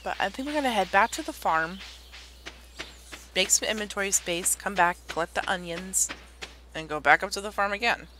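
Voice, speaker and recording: A woman's voice: medium pitch, normal speed, a little hiss or hum. A woman streamer giving casual gameplay commentary, chatty, thinking aloud and correcting herself as she goes. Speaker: game streamer. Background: loud game music.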